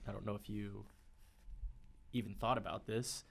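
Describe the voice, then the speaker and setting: A man's voice: lowish voice, steady tone, moderate pace, creaky. Teasing, confident man in casual debate. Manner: confident, teasing, laughs often. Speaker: podcast co-host arguing a debate side.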